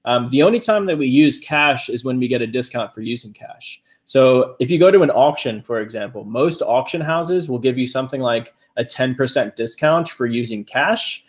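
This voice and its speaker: A man's voice: mid-range voice, lively intonation, normal speed, few pauses. A man co-hosting a casual livestream, reading and answering viewer questions in an easygoing way. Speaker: co-host of a reselling livestream.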